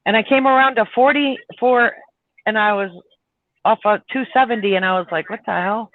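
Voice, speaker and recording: A man's voice: high voice, normal speed, dry recording. A man, a truck driver, telling a long road story in a chatty way on a live stream. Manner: chatty, laughing, retells arguments with heat. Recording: tinny phone-like line.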